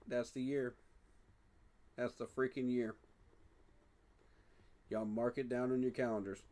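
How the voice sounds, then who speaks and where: A man talking excitedly in a casual fan reaction vlog, emotional and repeating himself. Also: medium pitch, unhurried, pauses often. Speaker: sports fan vlogger.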